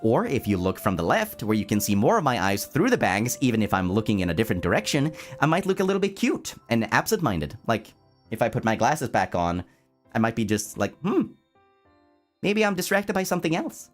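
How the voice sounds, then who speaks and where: Playful animated male streamer. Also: on the low side, fairly quick, soft background music. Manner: playful and animated, reads chat aloud and answers it; laughs often, stumbles and restarts when excited. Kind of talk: casual livestream chat.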